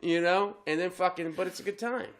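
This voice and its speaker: A man co-hosting a crude casual podcast chat, rowdy and laughing, bursting into shouts. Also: high voice, brisk. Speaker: podcast co-host.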